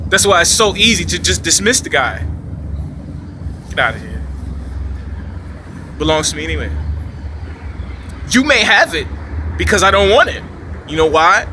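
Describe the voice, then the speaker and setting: A man's voice: fairly high pitch, background noise. A man giving rambling, emphatic off-the-cuff commentary outdoors, with a preachy tone and rhetorical questions. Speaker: video commentator. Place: outdoors in a city park.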